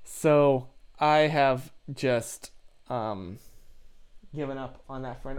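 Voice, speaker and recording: A man's voice: mid-range voice, big pitch swings, slow, clean tone. A young man live streaming from his room, chatting casually with his viewers in a rambling, self-deprecating way and laughing often. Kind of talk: casual chat with live chat readers.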